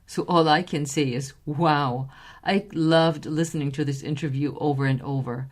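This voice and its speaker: A woman's voice: low voice, fairly even intonation, moderate pace, darkish tone. A woman hosting a podcast, agreeing effusively with her guest and closing the episode with enthusiasm. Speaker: podcast host. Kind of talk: podcast interview and outro.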